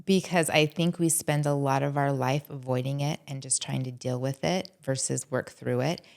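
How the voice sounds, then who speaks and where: A woman therapist speaking as a podcast guest, talking in a casual, animated and heartfelt way about her work. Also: extremely low pitch, moderate pace, vocal fry. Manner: animated, acts out quotes from clients and herself.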